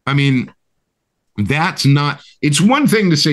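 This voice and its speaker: A man's voice: fairly high pitch, animated, takes it slowly. A man co-hosting a podcast, ranting with heated, emphatic and profane talk, often asking "right?". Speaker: co-host. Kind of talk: impassioned podcast rant.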